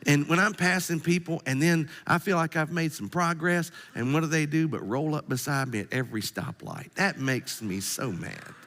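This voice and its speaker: A male pastor preaching a sermon in an animated, humorous way and putting direct questions to the congregation. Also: fairly high pitch, normal speed, few pauses.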